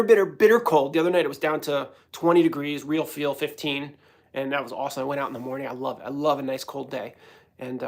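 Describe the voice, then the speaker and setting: A man from New York rambles through a casual livestream chat. His voice is gravelly and creaky, and his pitch sits in a middle range. He talks in a hyper, self-mocking way, jumping from one thought to the next. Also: fairly bright tone. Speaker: host.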